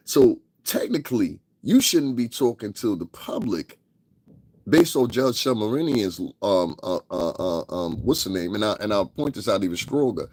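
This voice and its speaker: A husky-voiced man rants to camera in loose, profane commentary. His pitch swings widely as he laughs and mocks people with impressions. The sound is dry and close. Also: lively intonation, moderate pace, darkish tone, dry recording. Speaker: commentary vlogger. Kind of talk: casual rant commentary.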